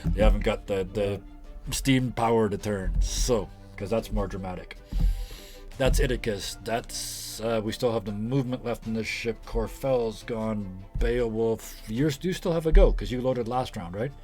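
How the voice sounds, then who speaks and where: A man's voice: on the low side, unhurried, darkish tone, faint music behind. A man narrating as game master, loose and joking, laughing often.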